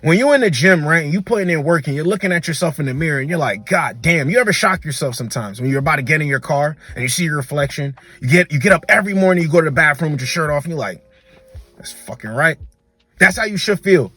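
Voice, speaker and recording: A man's voice: on the high side, lively intonation, racing, hardly any pauses, bright, forceful tone, husky, soft background music. A man giving blunt, slangy reaction commentary on dating as a coach, repeating words for emphasis.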